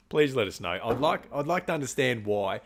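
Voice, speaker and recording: A man's voice: mid-range voice, animated, moderate pace. Laid-back Australian man chatting. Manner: laid-back, laughs often, slangy. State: coughing. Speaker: podcast co-host. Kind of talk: casual chat.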